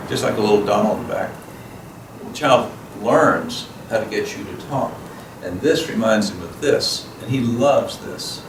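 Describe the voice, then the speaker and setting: The man's voice is fairly low and moderately paced. Invited to speak at a parenting seminar in a school event room, he teaches plainly and regularly acts out brief parent-child conversations, captured on a noisy, echoey recording from a distance.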